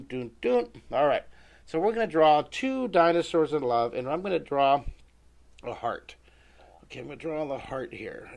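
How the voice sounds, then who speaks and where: A middle-aged man leading a live drawing lesson, chatting to viewers and talking himself through each sketch. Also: medium pitch. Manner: chatty, talks to himself while sketching, greets viewers by name. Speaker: drawing teacher.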